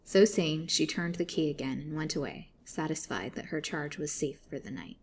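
A woman with a low voice reads a serialized story aloud, steady and expressive. A faint hiss of noise runs under the recording. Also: moderate pace. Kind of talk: scripted narration.

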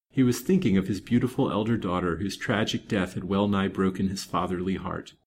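A man reading a serialized novel aloud in a measured, expressive way. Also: on the low side, slight background noise. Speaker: storytime reader.

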